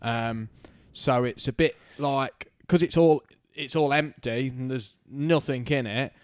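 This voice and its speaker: A man's voice: mid-range voice, takes it slowly, dry recording, studio quality. A man co-hosting a podcast, chatting casually and telling rambling stories full of tag questions. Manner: banter-filled, rambling storytelling with tag questions. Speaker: podcast co-host. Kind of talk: casual chat.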